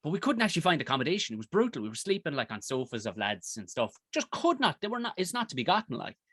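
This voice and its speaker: An Irish man, a comedian guesting on a podcast, telling a rambling comic story in a casual, animated way and swearing freely. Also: on the high side, fast, husky, no room sound, clean studio sound. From Ireland.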